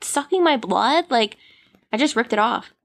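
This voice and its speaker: A woman's voice: a little high, animated, normal speed, a bit bright. Chatty woman in casual conversation, replays her own reactions as she tells stories. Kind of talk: casual chat.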